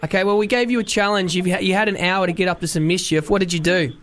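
A man's voice: high-pitched, steady tone, quick pace, a bit bright, a little hiss or hum. A man hosting a radio show, chatting and telling stories with lots of laughter. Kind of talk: casual radio banter.

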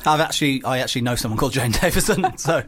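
A woman co-hosting a radio show, teasing and quick, reading out listener messages. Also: very deep voice, lively intonation, breathy edge. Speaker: radio co-host. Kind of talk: casual radio banter.

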